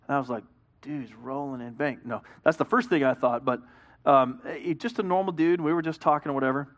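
Man, middle-aged, pastor, sermon, earnest, conversational, storytelling, fairly high voice. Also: quick pace, fairly bright tone.

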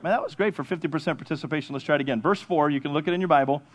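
A male pastor preaches a sermon, posing questions to the congregation and answering them himself, sometimes building up to excited shouting. His voice is a little high, and he speaks very fast with few pauses.

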